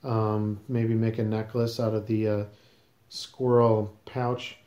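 A man's voice: on the low side, flat delivery, takes it slowly, warm tone, echoey room, highs cut off. A man hosting a casual podcast, questioning his guest in a teasing, mock-serious way. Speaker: podcast host.

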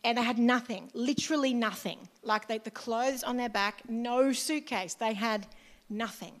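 High-voiced Australian woman preaching. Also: moderate pace. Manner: chatty, conversational preaching with asides. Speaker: pastor. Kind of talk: sermon. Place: church.

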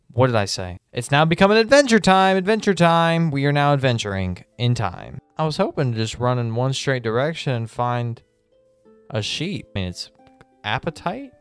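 A man giving excitable, chatty gameplay commentary and talking straight to his viewers. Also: mid-range voice, clean tone, no echo. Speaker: gaming video host.

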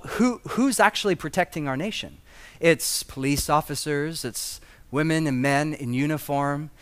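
A man's voice: a little high, fairly bright tone. A man preaching a conversational sermon as pastor, with humorous asides and rising emphasis.

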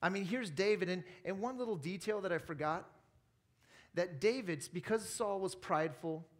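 A man preaching a sermon at a church service, telling a story in a lively way and acting out the lines of its people. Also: high voice, normal speed. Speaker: pastor.

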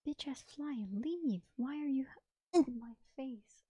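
A woman streamer chatting casually during a game stream, rambling and quick to laugh. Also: sits high, mellow, breathy edge, no echo, highs cut off. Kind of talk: casual gaming livestream chat. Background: background music.

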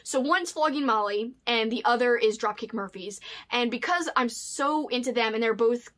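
A woman's voice: on the high side, moderate pace, a bit bright. A woman hosting a casual book vlog, chatty and rambling with lots of asides. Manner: chatty, rambling, says "flippin'" often. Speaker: host.

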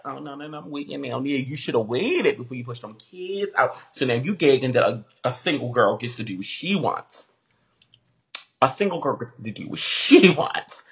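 A woman's voice: rumbling low, fairly bright tone. A woman livestreamer ranting at her viewers in a brash, profane and confrontational way, mocking the comments.

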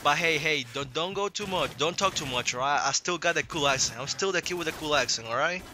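Bright-voiced hyped young man with an accent. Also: fairly high pitch, fast talker, slight background noise. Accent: non-native English accent. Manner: hyped, slangy, swears freely. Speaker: gaming channel host. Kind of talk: casual gameplay commentary.

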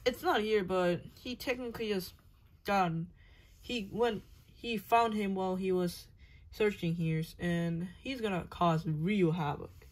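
A woman's voice: mid-range voice, measured pace. A woman retelling a movie with toy figures, rambling and correcting herself as she goes. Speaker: toy video creator.

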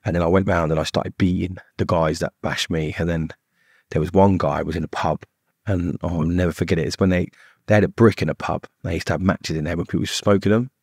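Low-voiced, husky, fast-talking man. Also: fairly even intonation, a little mellow, no echo, studio quality. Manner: blunt, swearing, rambling with many "like"s. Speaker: guest. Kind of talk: casual storytelling.

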